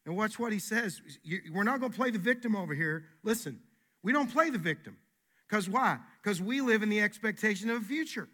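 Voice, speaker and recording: A man's voice: sits high, lively intonation, a little fast, bright, forceful tone. A man preaching a sermon as pastor, emphatic and folksy, repeating his key phrases.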